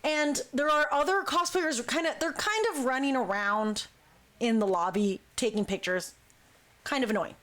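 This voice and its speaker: High-voiced woman telling a story. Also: normal speed. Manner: lively, acts out quoted speech. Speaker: talk show host, dance crew member. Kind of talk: casual storytelling.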